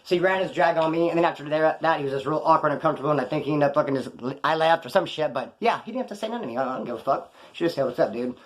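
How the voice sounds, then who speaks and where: A former prisoner rambles through stories of his time inside in slangy, profane street talk, drifting off topic and correcting himself as he goes. His voice is a little high and very fast, with hardly any pauses.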